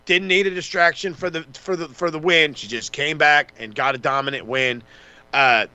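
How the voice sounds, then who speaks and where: A man co-hosting a podcast, casually recapping wrestling with lots of swearing and quick mocking impressions of the wrestlers. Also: a little high, pushed and bright, clear, resonant tone, dry recording, muffled recording. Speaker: podcast co-host.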